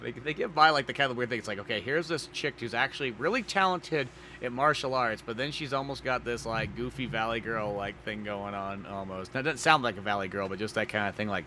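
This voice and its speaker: A man's voice: medium pitch, fast talker, few pauses, sharp tone, a little hiss or hum. A man co-hosting a podcast, chatting casually and animatedly, swearing and acting out scenes in goofy voices. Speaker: podcast co-host. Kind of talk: casual chat.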